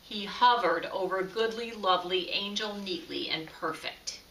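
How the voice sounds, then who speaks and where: A woman reading a children's story aloud in a slow, expressive way, recorded from a distance in an echoey room. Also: medium pitch, slight background noise. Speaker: storybook reader. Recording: echoey room, far from mic.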